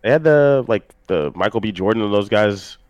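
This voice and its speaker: A man's voice: lowish voice, animated, moderate pace, darkish tone, no echo, highs cut off. A young man co-hosting a gaming podcast in casual, laid-back chat. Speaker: podcast co-host.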